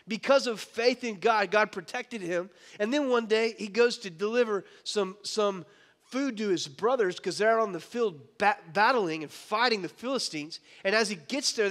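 Man, pastor, high voice, casual joking storytelling, church hall reverb. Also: fairly bright tone. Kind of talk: sermon.

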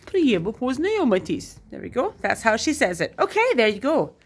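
A woman's voice: on the high side, wildly swooping pitch, brisk. Chatty upbeat woman vlogging at home. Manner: chatty, self-deprecating, upbeat. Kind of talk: casual video diary. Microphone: headphones with Bluetooth device.

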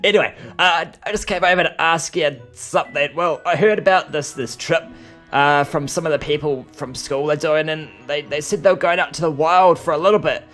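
Brief: young Aussie guy, higher voice, hesitant rambling player, light music under. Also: brisk, fairly bright tone. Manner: rambling, hesitant, many restarts. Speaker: role-play player. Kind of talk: improvised game role-play. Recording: faint music behind.

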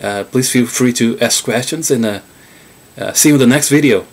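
A Brazilian man from Rio with a Carioca Portuguese accent, a native Portuguese speaker who talks through a casual video lesson in English, halting often with fillers and restarts. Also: medium pitch. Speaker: language teacher.

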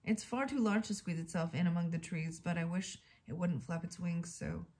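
A woman reading the lines of a curious young girl from a storybook, in a soft read-aloud voice. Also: lowish voice, normal speed, husky. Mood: wondering.

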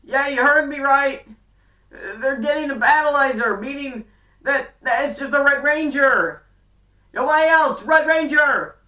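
A woman doing a high, shouty, gleeful mentor who booms her big announcement straight at the audience. The voice is bright and pushed, and it sounds roomy and set back from the mic. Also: measured pace, recorded from a distance. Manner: loud, gleeful, emphatic. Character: excited woman mentor shouting news to viewers.

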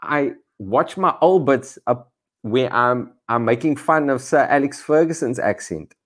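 Animated Cape Town man on a video call. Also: mid-range voice, unhurried. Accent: Cape Town South African. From South Africa. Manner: animated, self-deprecating, lots of restarts. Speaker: comedian guest. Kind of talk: casual video-call interview. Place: on top of a garage, outdoors.

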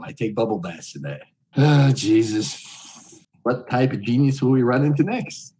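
A middle-aged man streaming crude pranks on strangers, bellowing loud high greetings and then muttering vulgar insults under his breath. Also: normal speed, slightly rough, low-quality recording. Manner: vulgar and mocking. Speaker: streamer chatting with strangers on a video chat site.

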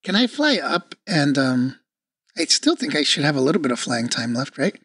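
A man with a somewhat high voice plays a tabletop game, musing casually and thinking through his options out loud. The sound is close and dry. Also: big pitch swings, moderate pace, slightly rough, no room sound. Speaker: player.

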